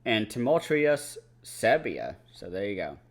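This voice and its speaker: A young man reviews movies off the cuff with a slightly low voice. He rambles, swears freely and fills his talk with "like" and "you know.". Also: very animated, a little slow. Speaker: movie marathon vlogger. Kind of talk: casual movie review chat.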